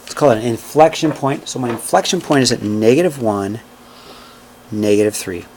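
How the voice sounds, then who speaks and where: A man's voice: mid-range voice, normal speed, darkish tone, a little hiss or hum. A man teaching a math class in a classroom, walking through each step aloud and checking in with "okay?" and "right?". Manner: counts out steps aloud while working. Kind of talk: classroom lecture.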